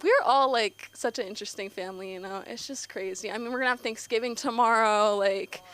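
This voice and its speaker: A woman's voice: fairly high pitch, a little fast, a bit bright, clear, resonant tone. A teenage girl doing a nervous, rambling open mic stand-up set on a comedy club stage, full of fillers and giggles. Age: teens.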